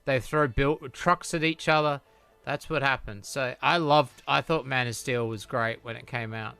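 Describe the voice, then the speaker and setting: A man's voice: medium pitch, fairly even intonation, normal speed, vocal fry, pushed and bright, clear, resonant tone, faint music behind. A man from New Zealand with a New Zealand accent, hosting a casual live-stream chat, joking and teasing, often laughing. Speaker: stream host.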